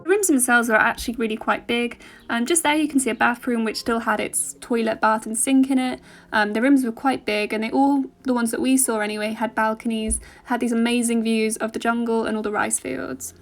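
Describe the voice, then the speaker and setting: A woman's voice: a little high, steady tone, brisk, faint music behind. A young woman narrating a walkthrough of a place in a casual voice-over, with many fillers and restarts. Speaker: travel vlogger.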